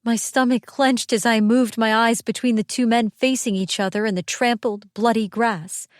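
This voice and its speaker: A woman reading a first-person audiobook narration in a steady, tense storytelling manner. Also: a little high, moderate pace, no echo, clean studio sound.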